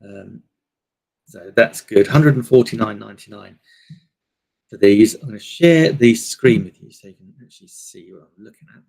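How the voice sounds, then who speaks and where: A man's voice: mid-range voice, normal speed, vocal fry, a little mellow, breathy edge. A man hosting a casual live stream, rambling through products with lots of fillers into a desk microphone. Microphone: desk microphone on a table stand.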